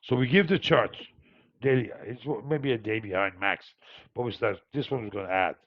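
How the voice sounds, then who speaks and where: A man's voice: lowish voice, normal speed, muffled recording. A man hosting a market review, talking in a rambling, digressive way with many fillers and restarts. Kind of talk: rambling live market commentary.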